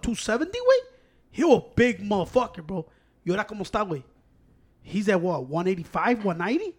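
High-voiced man, profane and rambling. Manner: profane, rambling, mixing Spanish and English. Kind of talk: casual chat.

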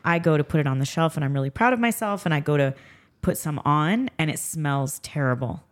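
A woman hosting a podcast, chatting casually and telling stories with lively acted-out dialogue and frequent laughter. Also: low-pitched, a little fast. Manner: animated, acts out quoted dialogue, laughs often. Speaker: podcast host and skincare business owner. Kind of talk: casual storytelling chat.

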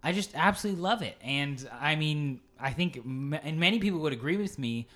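A man's voice: fairly high pitch, expressive, brisk, fairly bright tone. Gushing young man on a podcast. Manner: gushing, enthusiastic, many fillers. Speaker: podcast co-host. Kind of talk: casual chat.

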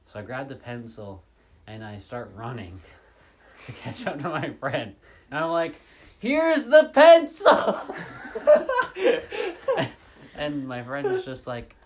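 A man telling a light story in casual chat with friends, breaking into loud laughter. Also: mid-range voice, a little slow, a crowd in the background. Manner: lively, laughs loudly and often.

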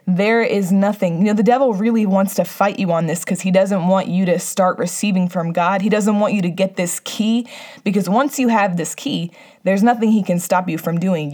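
A middle-aged woman preaching a sermon in an earnest, conversational way. Her voice sits at an ordinary middle pitch, and she often restarts her sentences as she talks. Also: darkish tone.

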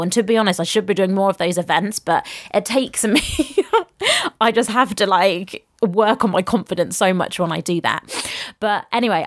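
A woman's voice: medium pitch, no room sound, clean studio sound. A young adult woman hosting a casual solo podcast, chatty and upbeat, laughing often as she gives motivational business advice. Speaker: podcast host and business coach.

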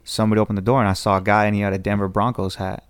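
Rapid-fire with little pitch movement, this young Californian podcast guest has a fairly low, clear, resonant voice. He's telling a sprawling story casually, restarting and acting out what people said, and there's no room sound at all.

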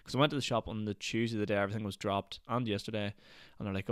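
Rapid-fire and flat, this lowish-voiced Northern Irish man runs a solo podcast, ranting and rambling with constant "like" fillers. The sound is clean studio quality with no echo.

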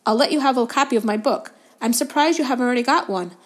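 A vain wizard teacher holds forth loudly and pompously, as a woman reader puts him on. He sounds pleased with himself at every word in this storybook reading. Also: fairly high pitch, fast talker, voice pushed up, natural voice. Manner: pompous, loud. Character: vain showy grown male wizard teacher.

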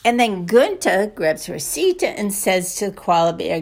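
A woman's voice: mid-range voice, very animated, normal speed, gravelly, few pauses, darkish tone. A woman coach talking casually and enthusiastically, retelling a favorite story with a motivational message.

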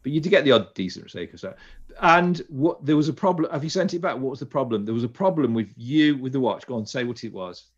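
A man's voice: mid-range voice, expressive, fast talker. Guy hosting a chat, rambles and restarts a lot, kinda dull lo-fi sound. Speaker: podcast host. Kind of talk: casual chat.

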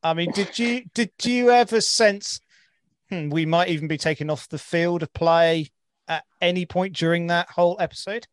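A man's voice: high-pitched, normal speed, clear, resonant tone, no echo. A man hosting an interview, asking long hesitant questions full of fillers. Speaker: interviewer, host. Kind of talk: casual interview.

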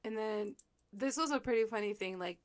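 A young woman co-hosting a podcast in casual chat, soft-spoken and giggly, rambling with many filler words. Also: medium pitch, a little fast. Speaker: podcast co-host.

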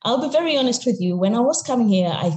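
Interview guest, young Kenyan woman, mellow and candid, echoey room sound. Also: on the high side, lively intonation, quick pace. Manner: reflective, candid, frequent laughs and restarts. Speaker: podcast guest. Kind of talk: podcast interview.

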